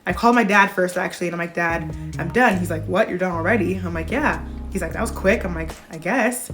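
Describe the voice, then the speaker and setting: A young woman in her twenties, a pediatric nurse, telling a personal story to camera in a casual, animated way with bursts of laughter. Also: lowish voice, brisk, soft background music.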